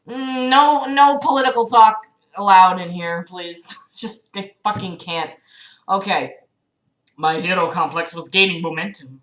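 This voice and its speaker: A young woman livestreams herself reading a novel aloud in a lowish, fairly bright voice at a slightly slow pace. She breaks off for sarcastic, exasperated asides full of swearing, and the recording has a roomy echo.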